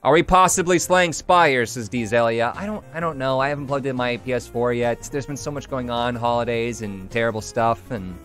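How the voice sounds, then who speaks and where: A man streaming a video game live, joking and reacting excitedly as he chats with viewers. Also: medium pitch, fairly quick, hardly any pauses, faint music behind. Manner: excitable, jokey, breaks into song snatches. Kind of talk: live gameplay commentary.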